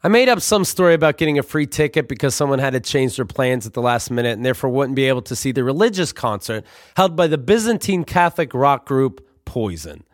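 A young man telling comic stories about his youth in a wry, deadpan manner. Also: mid-range voice, quick pace, few pauses, no room sound, studio quality. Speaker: storyteller. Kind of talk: comic storytelling.

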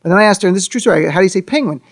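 A man in casual conversation, telling animated stories and acting out the people in them. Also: sits high, racing. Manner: animated storyteller, acts out quotes. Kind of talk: casual chat.

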